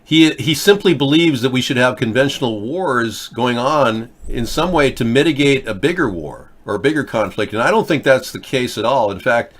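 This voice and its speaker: A man's voice: medium pitch, expressive, normal speed, few pauses. A man in his fifties hosting a political chat show, talking in a rambling way with frequent hesitations. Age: 50s. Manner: rambling, many hesitations and restarts. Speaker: host. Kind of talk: casual political commentary.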